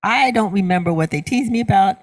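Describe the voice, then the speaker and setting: A woman's voice: mid-range voice, lively intonation, brisk. A middle-aged woman minister giving a sermon. She asks the congregation questions and answers them herself, and she repeats words for emphasis.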